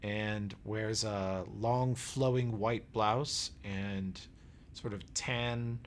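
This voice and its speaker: A man running a tabletop game as game master, relaxed and descriptive, checking in with his players. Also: on the low side, drawn-out words, slight background noise.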